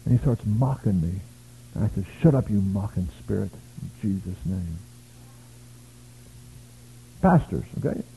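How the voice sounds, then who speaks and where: A man's voice: lowish voice, expressive, unhurried, gravelly, long pauses, slightly rough. A man from the United States preaching a revival sermon, telling stories with bursts of praise. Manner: emphatic, storytelling, shouts of praise. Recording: tinny lo-fi phone-like audio.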